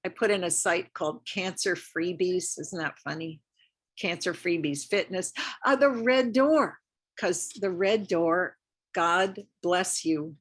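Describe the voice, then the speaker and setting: A woman's voice: on the low side, husky. An older woman lecturing at a community health talk, chatty and encouraging, often repeating herself for emphasis. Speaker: lymphedema lecturer. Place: community center lecture room.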